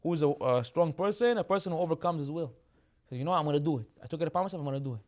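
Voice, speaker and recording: Racing along in a fairly high-pitched voice, a man gives an animated sermon as a rabbi. He leans on repeated phrases and Hebrew terms, climbing to loud, emphatic moments.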